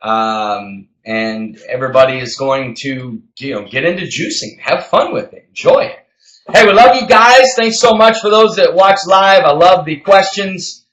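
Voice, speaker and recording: A man hosting a health show as a health coach, talking emphatically and passionately, getting loud. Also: fairly high pitch, expressive, moderate pace, reverberant, rough recording. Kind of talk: energetic podcast talk.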